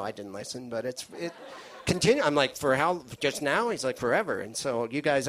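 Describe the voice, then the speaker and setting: Rambling nervous stand-up comic. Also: male voice, mid-range voice, fairly bright tone, slight background noise. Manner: rambling, self-interrupting, nervous. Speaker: stand-up comedian. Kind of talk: live stand-up set. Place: comedy stage with an audience.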